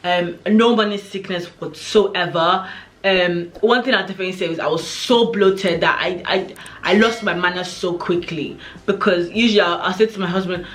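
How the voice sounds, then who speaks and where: A woman's voice: on the low side, moderate pace. Chatty pregnant woman vlogging. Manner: chatty, animated storytelling with many "like" and "oh my God". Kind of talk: casual chat to camera.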